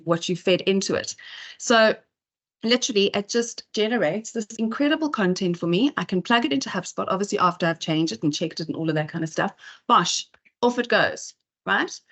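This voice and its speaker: A woman's voice: medium pitch, a bit bright. A woman speaker giving a chatty talk at an in-person event, full of fillers and asides. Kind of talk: conference talk.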